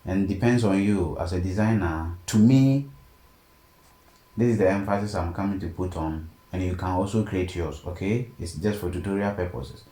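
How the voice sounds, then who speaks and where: A man teaching a design software tutorial step by step and often checking in with "okay?". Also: low-pitched, normal speed. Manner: steady step-by-step explaining, frequent "okay?" check-ins. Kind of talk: screen-recorded tutorial narration. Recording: echoey room, faint background noise.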